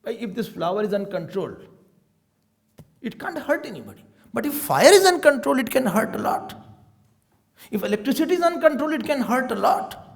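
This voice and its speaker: Lively high-voiced Indian swami. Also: male voice. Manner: animated storytelling with Hindi words. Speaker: swami giving a scripture talk. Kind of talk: spiritual discourse.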